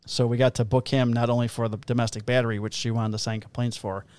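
Smooth-voiced cop telling profane stories. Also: male voice, medium pitch, little pitch movement, quick pace, a little mellow, no room sound. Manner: profane, laughing anecdote-telling. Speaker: police officer. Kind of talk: casual storytelling on a podcast.

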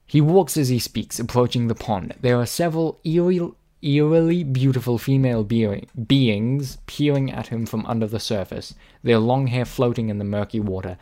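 A man's voice: medium pitch, moderate pace, few pauses, warm tone. A man co-hosting a casual podcast from home on a voice call, rambling with fillers and swearing. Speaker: podcast co-host. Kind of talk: casual chat.

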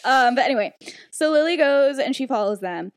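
A giggly woman with a fairly high voice retells a story in a casual, chatty way, slipping into quotes of the characters. Her voice sounds close and dry, with no room around it. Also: animated, fairly quick, smooth, no echo. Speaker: podcast host retelling a story.

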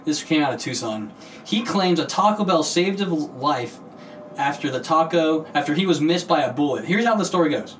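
A man's voice: a little high, expressive, normal speed, slight background noise. A young man hosting a casual podcast, chatty and jokey, retelling odd news stories, heard from a distant mic. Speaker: podcast host.

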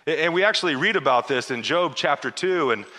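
Man, pastor, sermon, lively swooping pitch, bright voice, stammered restarts, long hall reverb. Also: brisk. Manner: animated, acts out biblical dialogue with casual asides.

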